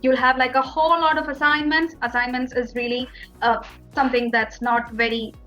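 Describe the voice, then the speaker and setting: A young Indian woman speaks in a chatty, easygoing way, her voice sitting a little high. She leans on fillers as she explains things. The sound is muffled and lo-fi, with soft music underneath. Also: little pitch movement, normal speed. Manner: chatty, fillers like "like" and "you know". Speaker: interview guest, international student. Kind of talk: casual interview chat.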